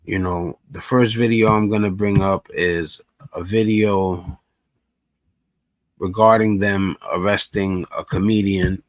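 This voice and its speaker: A man's voice: sits low, steady tone, slow pace, no echo. A man hosting a casual reaction commentary, talking in a laid-back, conversational way full of filler phrases. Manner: laid-back, conversational, lots of "you know". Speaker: commentary host.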